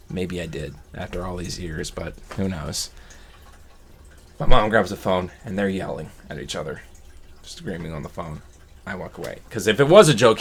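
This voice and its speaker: A man's voice: low voice, slightly rough. A man vlogging a personal story from his childhood, reflective and rambling, often restarting his sentences.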